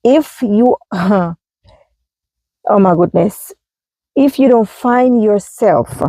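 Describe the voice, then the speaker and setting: A woman's voice: medium pitch, drawn-out words, dark tone, no echo, low-quality recording. Emphatic Jamaican woman vlogging in a car. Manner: emphatic, repetitive, many fillers. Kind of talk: casual vlog talk. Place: inside a parked car. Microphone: phone held in hand.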